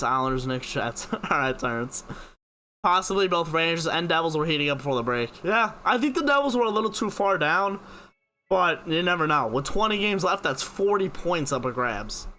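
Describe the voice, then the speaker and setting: A man's voice: on the high side, lively intonation, moderate pace, sharp tone, a little hiss or hum. A young man, hosting a live stream and casually answering viewers' sports questions by name. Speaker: live stream host reading chat questions.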